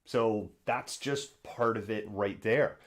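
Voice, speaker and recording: Sarcastic low-voiced male stream host. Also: slow. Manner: sarcastic, acts out imagined voices. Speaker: host of a live political news show. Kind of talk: live-stream commentary. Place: home studio in Seattle.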